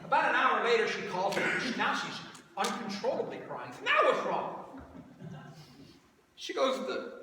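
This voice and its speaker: Man, preacher, storytelling sermon, lively pitch, bright tone, long church reverb, distant mic. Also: slight background noise. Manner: animated, acts out both sides of a phone call. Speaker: guest preacher. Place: large church sanctuary. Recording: echoey hall from far off.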